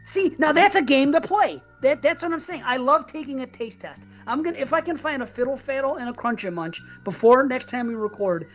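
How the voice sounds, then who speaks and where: A woman's voice: sits high, lively intonation, brisk, hardly any pauses, highs cut off, soft background music. Blunt, foul-mouthed woman podcast co-host. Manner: blunt, swears freely, laughs often. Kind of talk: casual chat.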